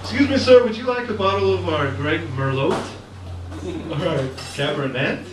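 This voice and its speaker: A male comic voicing a stiffly formal waitress with a sing-song sales pitch. The voice rides high and carries through a roomy hall, heard from a distance over background noise. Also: extremely slow. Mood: polite pitch. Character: overly formal female restaurant server.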